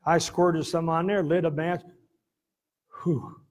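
A middle-aged pastor telling a folksy, laughing story in a sermon, with sudden loud bursts. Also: male voice, a little high, level tone, slow pace, noisy background.

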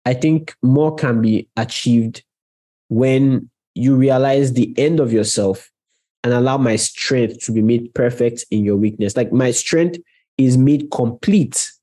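A man's voice: mid-range voice, mellow. A man preaching a conversational sermon on prayer, talking directly to his listeners and stressing key words. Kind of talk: sermon teaching.

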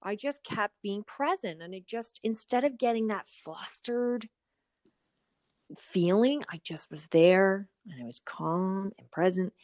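A woman in her thirties co-hosting a podcast, chatting casually and telling animated stories. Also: medium pitch, measured pace, no room sound, studio quality. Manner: animated storytelling, acts out inner voices. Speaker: podcast co-host. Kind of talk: casual chat.

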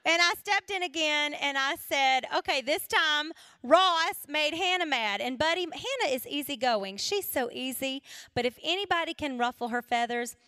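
A woman, giving an animated storytelling talk as a Christian conference speaker. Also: sits high, moderate pace, dry recording, clean studio sound. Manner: animated storyteller who acts out quoted voices.

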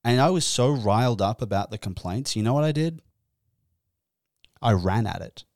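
A young man hosting a comedic podcast, telling a story in an animated, exasperated way and swearing freely. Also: medium pitch, moderate pace, no echo, studio quality. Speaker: podcast host. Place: indoors.

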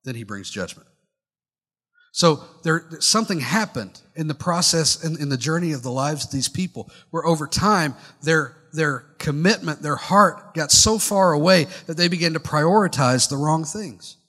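A man preaching a sermon in a high, bright voice that carries a long reverb through the church sanctuary. He talks conversationally with wry asides and keeps putting questions straight to his listeners. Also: animated, moderate pace. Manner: conversational, questions the congregation directly. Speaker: pastor.

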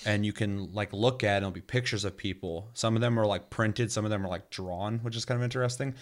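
Low-voiced man rambling casually, swearing freely. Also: fast. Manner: loose and rambling, swears freely, heavy filler words. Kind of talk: casual chat about a video game.

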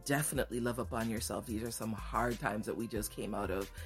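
A woman's voice: rumbling low, brisk, faint music behind. A woman hosting a podcast, telling a frank personal story and acting out both sides of the dialogue. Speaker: podcast host. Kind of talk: candid storytelling monologue.

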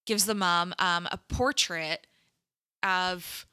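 A woman co-hosting a podcast, casually recapping a movie and acting out the characters' lines in a playful, animated way. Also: on the low side, takes it slowly, clean tone, dry recording, clean studio sound. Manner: playful, laughing. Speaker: podcast co-host.

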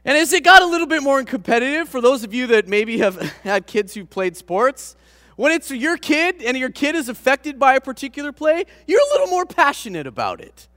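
A man preaching, a pastor telling a personal story to his congregation with animated, self-deprecating humor. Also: very high-pitched, fairly quick, no echo, clean studio sound, big-room sound. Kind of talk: storytelling sermon.

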